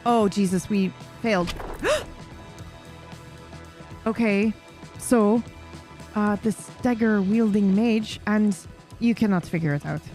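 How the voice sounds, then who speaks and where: A woman's voice: medium pitch, unhurried, a little mellow, soft background music. A woman streamer playing a game live, chatting expressively, swearing freely and reading the game text aloud.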